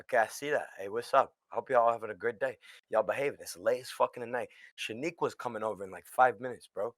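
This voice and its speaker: A man from the Caribbean, a guest streamer joking crudely with viewers in casual chat, switching between mutters and shouts. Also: mid-range voice, quick pace, no room sound, studio quality.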